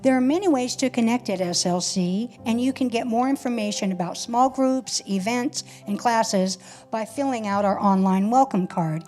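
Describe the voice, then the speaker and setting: A woman's voice: a little high, normal speed, a little mellow. A woman reading scripted church announcements about activities and the welcome for newcomers. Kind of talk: read announcements.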